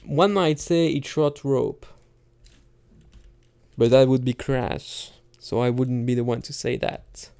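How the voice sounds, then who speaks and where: Slow laid-back guy with a mellow gravelly voice, muttering to himself while he types. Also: medium pitch. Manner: muttering asides while typing and reading aloud. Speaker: gamer reading poetry into a game. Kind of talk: casual thinking-aloud commentary.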